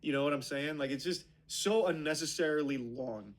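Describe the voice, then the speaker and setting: A man with a somewhat high voice reviews a movie casually. He retells the plot in long, rambling runs, padded with "like" and other fillers. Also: normal speed.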